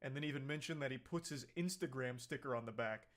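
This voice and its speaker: A man's voice: mid-range voice, fast talker, a bit bright. A man giving sarcastic, mocking reaction commentary on a video clip. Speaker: commentary YouTuber.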